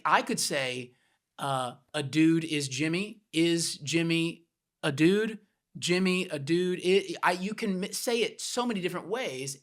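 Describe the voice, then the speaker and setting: A man's voice: on the high side, fairly bright tone. A man co-hosting a podcast, patiently teaching a point with plain everyday examples. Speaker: podcast co-host.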